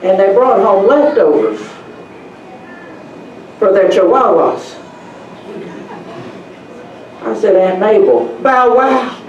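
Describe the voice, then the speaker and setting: A man giving a motivational real estate talk to an audience, telling animated stories from his own life. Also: sits high, slow, long pauses, lo-fi sound. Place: meeting room. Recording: roomy, distant, faint room noise.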